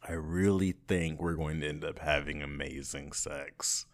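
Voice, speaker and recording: A young man hosting a podcast, telling a candid, crude story in a casual, animated way with frequent laughter. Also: extremely low pitch, measured pace. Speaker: podcast host.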